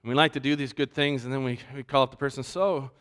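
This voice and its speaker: A man pastor preaching a sermon, animated and acting out the voices he quotes. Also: mid-range voice, very fast.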